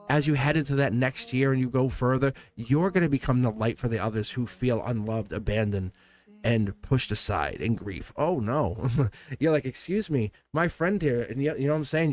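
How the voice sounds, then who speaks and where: A man doing a live tarot reading for his viewers. His voice sits at an ordinary middle pitch, and he is gushing and reassuring, often laughing and saying the same line twice. Faint music plays underneath. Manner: effusive and encouraging, laughs often, repeats phrases.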